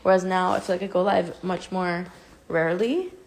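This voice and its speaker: A woman's voice: lowish voice, moderate pace, vocal fry, slight background noise. A woman in her twenties chatting candidly and confessionally to fans on a phone livestream from home, rambling and self-conscious.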